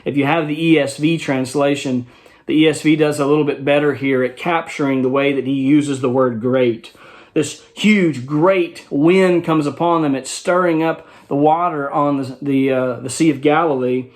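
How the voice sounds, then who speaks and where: A man's voice: fairly high pitch, fairly even intonation, normal speed. A man teaching a Bible study in a conversational way, explaining a passage verse by verse and checking in with his listeners.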